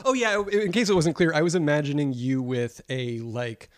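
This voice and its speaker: A man hosts a cooking podcast, chatting casually in a rambling, enthusiastic manner that often breaks off and restarts. His voice is fairly high at a moderate pace, recorded in studio quality with no echo.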